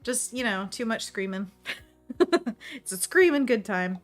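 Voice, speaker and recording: A woman's voice: a little high, animated, unhurried, faint music behind. A woman hosting a painting livestream, chatting casually, reading viewer messages aloud and laughing often while she works. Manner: talks to herself while working. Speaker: livestream host painting envelopes.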